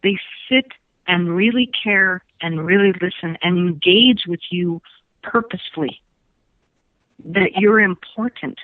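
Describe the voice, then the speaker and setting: The psychic guest on this phone-in radio segment has a lowish, unhurried female voice, recorded dry. Her reading is emphatic and repetitive, broken up by frequent laughter over a tinny phone line.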